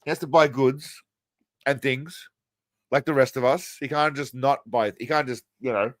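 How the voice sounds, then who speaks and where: A man's voice: mid-range voice, steady tone, normal speed, dry recording. A man hosting a casual livestream, commenting on clips in a crude, mocking, rambling way. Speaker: livestream host.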